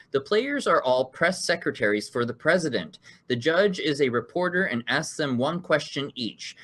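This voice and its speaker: Man as game show host, upbeat, mid pitch, laughs a lot while explaining rules. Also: fairly bright tone. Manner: upbeat, laughing often, reading rules aloud. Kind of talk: hosting an online improv card game.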